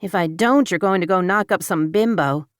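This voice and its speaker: A woman voicing a wary pregnant woman in an audiobook romance, answering in sharp, guarded retorts. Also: lowish voice, normal speed, smooth, no echo, clean studio sound, voice pushed up, lightly acted. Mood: wry. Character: wary pregnant woman, prickly then yielding.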